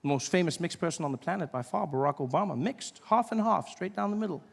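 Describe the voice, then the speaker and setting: A middle-aged man with a South African accent doing a stand-up routine, telling stories with quick asides and impressions. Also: high-pitched, animated, gravelly. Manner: storytelling with quick asides and mimicry. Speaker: stand-up comedian. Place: theater stage. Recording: reverberant live theater recording, faint noise.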